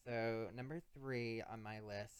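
A young man co-hosting a podcast, talking playfully and swinging between loud bursts and quiet asides. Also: fairly low pitch, fairly even intonation, a little slow, clear, resonant tone, dry recording. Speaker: podcast co-host. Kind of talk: casual chat.

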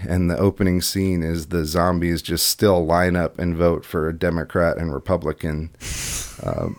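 Deep-voiced man in a dry, close recording. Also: no room sound. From Iowa. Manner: rambling, many fillers and restarts. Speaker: podcast guest, political candidate. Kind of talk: casual interview chat.

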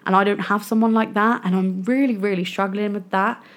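A woman's voice: mid-range voice, fairly even intonation, brisk. A young woman hosting a solo podcast, venting frankly and with frustration about her own choices. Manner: frustrated, venting, self-critical. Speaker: podcast host. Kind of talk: candid solo podcast monologue.

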